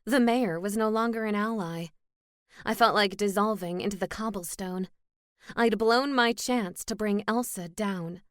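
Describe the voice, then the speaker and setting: A woman's voice: mid-range voice, measured pace, no room sound, clean studio sound. Woman narrating a cozy mystery. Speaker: audiobook narrator. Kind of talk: scripted first-person narration.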